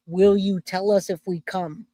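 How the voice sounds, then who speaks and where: A woman's voice: medium pitch, no room sound. Dry-voiced chatty livestream woman. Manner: loose and chatty, self-interrupting, laughs easily. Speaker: true crime livestream host. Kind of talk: casual livestream chat, reading comments aloud.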